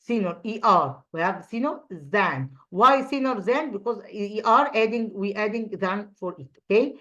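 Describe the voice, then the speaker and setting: A woman's voice: mid-range voice, lively intonation, normal speed, fairly bright tone, dull audio. A woman English teacher with an Egyptian accent, whose first language is Arabic, explaining grammar in a recorded online lesson with many fillers and restarts.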